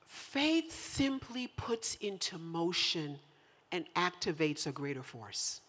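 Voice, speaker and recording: A woman preaching a sermon with a lot of animation. Her voice climbs to loud, emphatic peaks and drops back down. She teases her congregation as she goes. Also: on the low side, very animated, takes it slowly. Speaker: pastor. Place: church in central New York.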